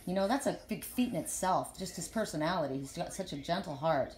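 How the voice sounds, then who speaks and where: A woman's voice: fairly low pitch, lively intonation, a little fast, a little mellow, reverberant. A woman speaking as a spiritual reader and healer in a casual live chat to her followers. She talks earnestly and rambles, often repeating words as she starts a sentence.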